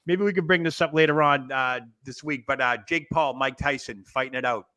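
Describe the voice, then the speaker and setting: A man's voice: mid-range voice, fairly quick, pushed and bright. A man co-hosting a wrestling talk show in casual panel chat, rambling, thinking aloud and laughing often.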